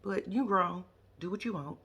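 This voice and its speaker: A woman's voice: moderate pace, gravelly, slightly rough. A woman giving blunt, sassy, profane running commentary as a recap vlog host. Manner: lively, swoops high for asides.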